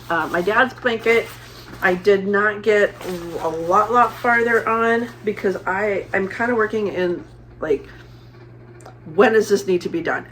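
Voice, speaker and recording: A woman's voice: mid-range voice, fairly bright tone, a little hiss or hum. A middle-aged woman from Arizona chatting casually as a crafting vlogger, rambling with many fillers and restarts. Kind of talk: casual chat.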